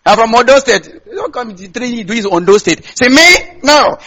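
A man's voice: extremely high pitch, fast, a bit bright, poor audio. A male pastor from Nigeria with a Nigerian accent, preaching a sermon and tossing questions back to the congregation.

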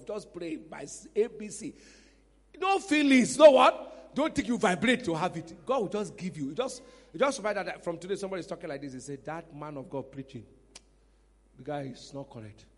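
A man preaching a sermon as pastor, animated, breaking into shouts and laughter. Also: high-pitched, brisk. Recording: reverberant hall with faint music.

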